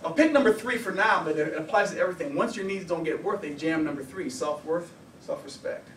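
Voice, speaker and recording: A man counseling and lecturing at a workshop, lively and full of rhetorical questions. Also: on the high side, fairly quick, echoey room, far from the mic, slight background noise, low-quality recording. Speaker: anger management counselor.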